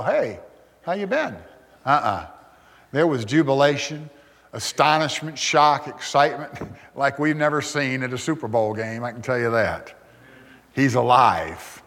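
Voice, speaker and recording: A man's voice: medium pitch, in a large hall. An older man preaching a sermon as a pastor, earnest and storytelling, with emphatic repetition.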